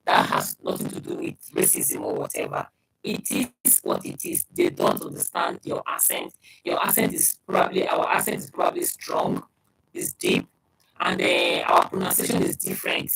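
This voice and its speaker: Very deep gravelly man with a strong accent. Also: sing-song, normal speed, a bit bright, poor audio. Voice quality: strong accent he describes himself. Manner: conversational, repeats points, addresses the listener directly. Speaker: vlogger giving advice on moving abroad. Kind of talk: casual advice monologue.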